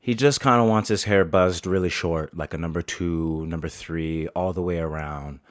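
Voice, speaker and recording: A man's voice: sits low, moderate pace, no room sound, clean studio sound. A man, a barber, telling a story casually, with lots of swearing and laughter.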